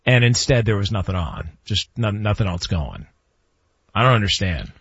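A man's voice: fairly low pitch, moderate pace, slightly rough, dry recording. A man hosting a sports talk show, chatting casually, joking and rambling. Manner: animated, joking, laughs often, rambling. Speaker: sports talk radio host. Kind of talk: casual sports radio chat. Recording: dry, slightly dull studio audio.

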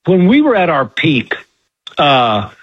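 A folksy older man spins stories as an interview guest, doing little voices for the people he quotes. His voice sits a bit high with a husky edge. It comes through a dull, lo-fi line. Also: wildly swooping pitch, slow pace. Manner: folksy storyteller, acts out quotes. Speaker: comedian guest. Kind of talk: casual storytelling interview. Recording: muffled lo-fi phone-like audio.

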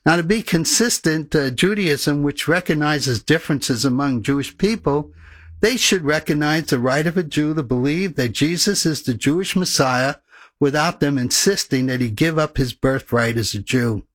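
Man, preacher, sermon, earnest and measured, fairly high voice, dry close sound. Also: no room sound. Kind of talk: sermon with scripture readings.

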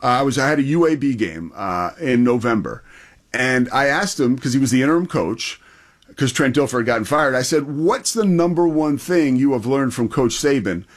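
A man's voice: mid-range voice, lively intonation, moderate pace. A man co-hosting a sports talk show, chatting casually and enthusiastically with slang.

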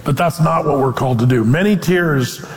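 A man preaching a conversational sermon as pastor, animated and acting out quotes in voices. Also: on the high side, moderate pace, in a large hall.

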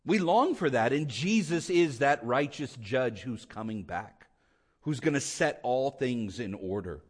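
A man preaching a sermon with impassioned swings between loud emphatic lines and quiet hushed ones. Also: medium pitch, expressive, a little slow, slightly rough. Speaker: pastor.

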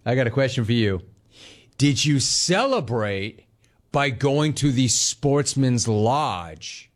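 A man in his forties hosts a casual sports talk show and reacts to his live chat. His voice is very lively and swings up and down as he tells stories, with quick asides in between. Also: medium pitch. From Los Angeles area.

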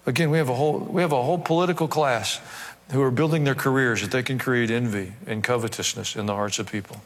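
A man, a pastor, preaching a sermon in a conversational way with wry asides, reading scripture aloud in slower, measured tones. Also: medium pitch, a bit bright, big-room sound.

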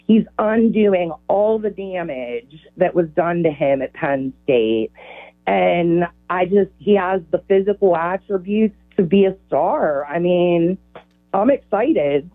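A woman's voice: on the low side, lively intonation. A woman from Pittsburgh with a Pittsburgh accent, calling in by phone, cheerful and giggly. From Pittsburgh, USA. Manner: giggly, cheerful, slow-spoken. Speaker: caller. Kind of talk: phone-in chat. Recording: tinny phone line.

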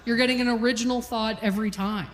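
A woman's voice: on the high side, fairly even intonation, fast. A woman in her forties from Calgary, doing a self-deprecating stand-up comedy set on stage. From Calgary, Canada. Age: 40s. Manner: punchy, self-deprecating storytelling. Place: comedy stage with live audience. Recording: live hall with long reverb.

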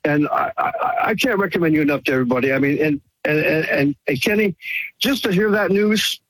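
A man's voice: on the high side, brisk, a bit bright, no echo, rough recording. A man calling in to a radio show, stammering and emotional, full of gratitude. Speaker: caller. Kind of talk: call-in radio chat.

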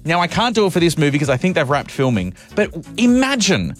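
A man's voice: a little high, big pitch swings, brisk, faint music behind. A male radio host chatting playfully to drive-time listeners. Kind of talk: casual radio chat.

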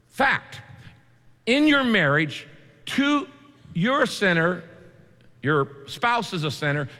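A man preaching a sermon in a conversational way, with vivid asides and quick shifts in delivery. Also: on the high side, fairly bright tone. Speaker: pastor. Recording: long hall reverb.

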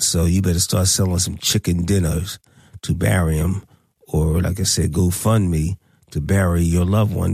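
A man hosts a radio show in a low, gravelly, dark voice. His talk is blunt and preachy. The sound is dry and close. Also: steady tone, moderate pace, dry recording. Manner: blunt, preachy, rises high when worked up.

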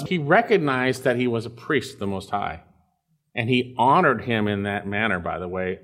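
A man preaching an expository sermon, explaining scripture verse by verse and dropping suddenly to a quiet voice. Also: mid-range voice. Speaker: pastor.

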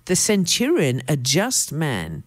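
A woman's voice: low-pitched, wildly swooping pitch, slow, no room sound, studio quality, exaggerated voice. A woman preacher voicing the messengers as respectful men speaking formally.

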